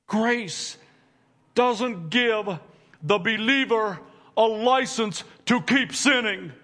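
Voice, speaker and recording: A man preaching a sermon to his congregation, reading scripture and explaining it with slow, deliberate emphasis. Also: high-pitched, a bit bright. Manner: addresses congregation directly. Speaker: pastor.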